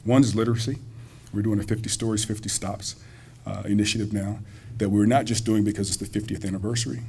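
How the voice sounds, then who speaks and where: A gravelly, fairly low-pitched man speaks quickly as a college president, his darkish, slightly rough voice keeping fairly even intonation. At a community banquet in a school hall, he gives a folksy, joking public speech that addresses the audience directly.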